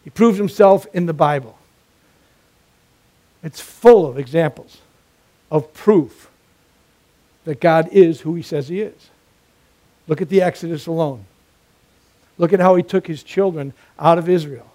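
A man's voice: a little high, measured pace, long pauses, dark tone. A man preaching a sermon, emphatic and repetitive, weaving in a joke.

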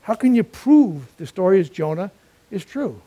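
A man's voice: high-pitched, very animated, normal speed, warm tone. A man voicing a smug, skeptical stranger on an airplane, questioning a child.

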